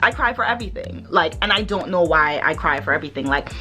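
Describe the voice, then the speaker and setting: A sassy woman vlogger talking in a blunt, casual way, with a swear word here and there. Her pitch swings a lot from line to line. Soft music sits faintly behind her. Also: animated, fast. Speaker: vlogger host. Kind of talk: casual vlog chat.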